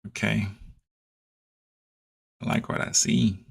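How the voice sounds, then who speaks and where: A trader streaming his charts talks casually to himself as he reads them, muttering, humming and dropping playful slang asides. His voice is fairly low, level, slow, gravelly and slightly rough.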